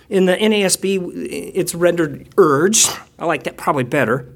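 A man preaching a sermon in a conversational, self-deprecating way, moving between quiet reflection and lively storytelling with playful asides. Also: high voice, normal speed, husky. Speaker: pastor.

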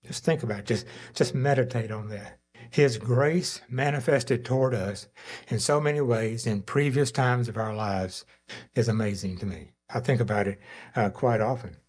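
A man preaching a conversational sermon, often pausing with fillers and acting out quoted lines. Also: mid-range voice, a little mellow, breathy edge. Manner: conversational preaching with frequent fillers, voicing God and Abram in quotes. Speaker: pastor.

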